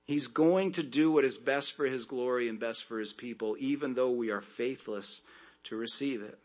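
A man preaching a sermon, reading scripture aloud and breaking off into conversational asides and quick jokes. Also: mid-range voice. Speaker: pastor.

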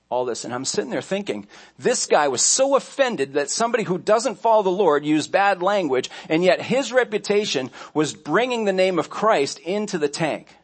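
A man's voice: sits high, very animated, normal speed. A man pastor delivering a sermon, telling stories conversationally, with restarts and asides along the way.

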